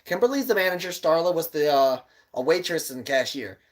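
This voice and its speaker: A man's voice: fairly high pitch, animated, brisk. Rambling young man telling a story. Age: 20s. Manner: rambling, laughing storyteller who swears. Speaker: podcast co-host. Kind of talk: casual chat.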